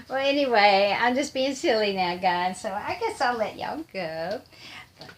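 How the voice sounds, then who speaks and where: Slow, chatty grandma. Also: female voice, medium pitch, expressive. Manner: rambling, chatty, many fillers. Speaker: vlogger. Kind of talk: casual chat to camera.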